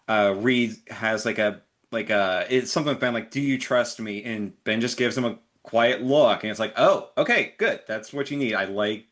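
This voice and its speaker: A man's voice: lowish voice, normal speed, few pauses, fairly bright tone. Thoughtful man musing on a film. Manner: thoughtful, hesitant, many fillers. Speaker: podcast co-host. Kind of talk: casual movie review chat.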